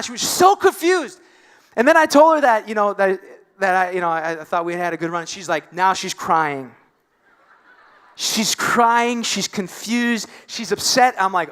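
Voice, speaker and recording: A man preaching a sermon, telling a story with lively acted-out quotes. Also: high-pitched, fairly quick. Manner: animated, acts out quoted voices. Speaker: pastor.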